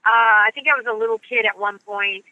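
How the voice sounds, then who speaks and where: A woman's voice: mid-range voice, quick pace, no echo, narrow, tinny audio. A woman who grew up in the United States, a voice actress chatting upbeat and bubbly in an interview. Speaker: voice actress guest. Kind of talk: casual interview chat.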